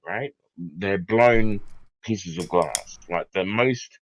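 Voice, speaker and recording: Tipsy man arguing in halting bursts. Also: sits low, rough recording. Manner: halting, full of fillers, swears when flustered. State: tipsy from drinking. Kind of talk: heated online debate.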